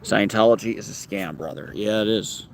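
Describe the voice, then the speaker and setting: A man's voice: on the low side, moderate pace, gravelly, a little hiss or hum. A man hosting a casual outdoor livestream, chatting with viewers and reading their comments, playful and given to singing snatches of songs. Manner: playful, sings snatches of songs, reads viewer names aloud. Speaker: livestream host. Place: outdoors in a park.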